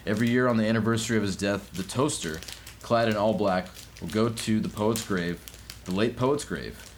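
A man's voice: lowish voice, slight background noise. A young man co-hosting a loose, comedic podcast chat, rambling goofily and sometimes breaking into silly songs. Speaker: podcast co-host.

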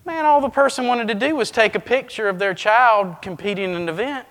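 A man preaching a sermon in an animated way, acting out scenes as he talks. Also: sits high, fairly quick, few pauses, in a large hall. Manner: animated, acts out scenes with shifting voice.

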